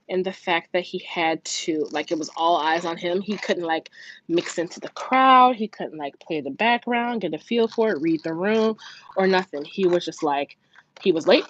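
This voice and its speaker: Chatty mother telling a story, lo-fi. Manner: animated, chatty, swears freely; acts out quoted voices in raised pitch. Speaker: budgeting vlogger, mother. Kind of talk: casual storytelling to camera. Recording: dull lo-fi sound with faint noise.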